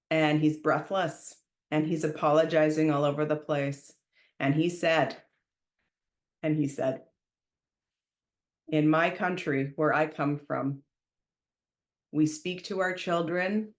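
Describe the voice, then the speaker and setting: Canadian woman podcaster telling a story, slow and deliberate, pretty echoey room. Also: low-pitched. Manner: emphatic, animated retelling with raised quoted shouts. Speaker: podcast host. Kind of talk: casual storytelling monologue.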